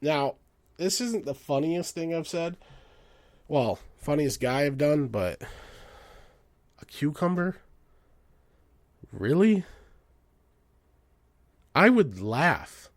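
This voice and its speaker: A man rants and swears with a lively, bouncing pitch, jumping from loud outbursts to low mutters. His voice sounds dry and close to the mic, with no room echo. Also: takes it slowly, long pauses. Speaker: podcast host. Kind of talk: profane comedic rant.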